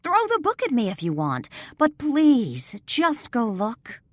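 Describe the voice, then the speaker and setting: A woman's voice: a little high, huge pitch swings, takes it slowly, no echo, voice pushed up, exaggerated voice. A woman voicing a young heroine who pleads urgently in an audiobook. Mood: pleading.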